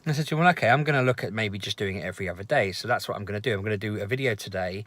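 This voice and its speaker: A man, chatting casually to camera in a rambling, animated vlog. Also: on the low side, racing. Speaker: vlogger.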